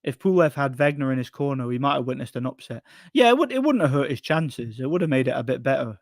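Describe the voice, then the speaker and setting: This is a fast-talking, very animated man of medium pitch, hosting a laid-back live stream where he wanders through chat comments, repeats himself, and laughs at his own tales. The recording is dry and of studio quality.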